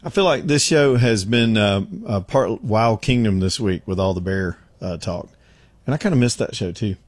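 A man hosting a radio talk show, chatting in a relaxed, rambling way. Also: lowish voice, normal speed, no room sound, clean studio sound. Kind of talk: casual radio chat. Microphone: studio microphone.

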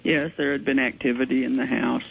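A woman's voice: very deep voice, level tone, brisk, creaky, breathy edge, muffled recording. A woman, a ghost investigator, speaking earnestly and matter-of-factly as a radio guest. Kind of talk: radio interview.

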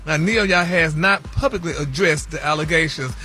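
A man's voice: a little high, moderate pace, sharp tone, faint music behind. A man reading celebrity news on a radio morning show in a flamboyant, sing-song way, full of "y'all" and "honey".

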